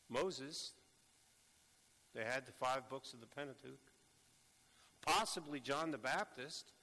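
Slow, bright-voiced male preacher in echoey hall. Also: medium pitch. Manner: slow, deliberate delivery with bursts of urgent emphasis. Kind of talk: sermon. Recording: echoey hall with long reverb.

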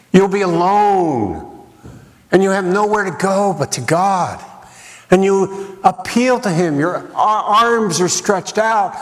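A man preaching a sermon in a dramatic way, with rhetorical questions and repeated lines for emphasis. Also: high-pitched. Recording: long reverb of a large hall.

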